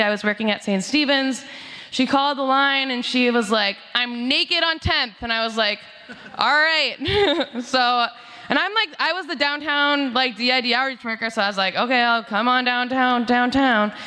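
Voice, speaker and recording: A woman's voice: on the high side, pushed and bright. A young woman outreach worker sharing a casual, laughing memorial story, full of likes and asides, at a church service. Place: church sanctuary. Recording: echoey church hall over speakers.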